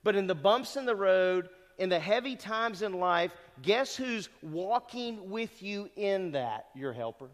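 In a high voice with lively intonation, a middle-aged pastor speaks a bit slowly with few pauses. His sermon to graduates is earnest and conversational, dotted with rhetorical questions, and the hall's long reverb is heard.

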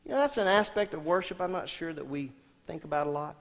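A man preaching a sermon as senior pastor, asking the congregation questions and swinging between loud emphatic lines and quiet soft ones. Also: on the high side, animated, fast talker. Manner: asks the congregation rhetorical questions. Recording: long hall reverb.

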